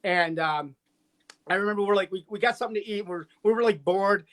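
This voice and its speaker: A man's voice: sits high, a little fast, fairly bright tone. A man dialing in over a video call, chatting casually and teasing his friends. He rambles through his stories, stopping and restarting as he goes. He sounds like he is talking from a computer at home. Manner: joking, rambling storyteller with many restarts. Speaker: guest friend calling in.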